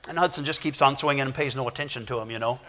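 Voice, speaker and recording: An older man preaches a Sunday sermon in a loose, folksy style, stopping and restarting his sentences as he goes. His voice has a bright, forceful edge at a middle pitch. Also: racing. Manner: acts out children's voices in anecdotes. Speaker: pastor.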